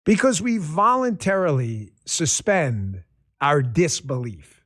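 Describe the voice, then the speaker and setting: Animated, high-voiced male commentator. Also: takes it slowly. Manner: animated, sarcastic, riffing. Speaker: host. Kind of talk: political commentary monologue.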